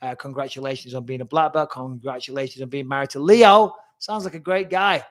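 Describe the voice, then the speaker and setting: A man in his forties, a former fighter turned commentator, hosting a casual live Q&A, answering viewer questions bluntly, quickly and with frequent swearing. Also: mid-range voice, a bit bright.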